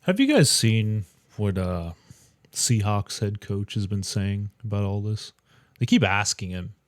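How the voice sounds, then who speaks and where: A man's voice: fairly low pitch, animated, unhurried, no echo, studio quality. A man hosting a casual sports podcast, putting questions to the panel and moving the talk along. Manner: asks questions, steers the conversation.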